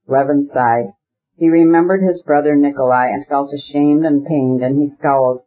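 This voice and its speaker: A man narrating a classic novel as an audiobook, in a measured, even storytelling manner with a husky voice. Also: on the high side, highs cut off.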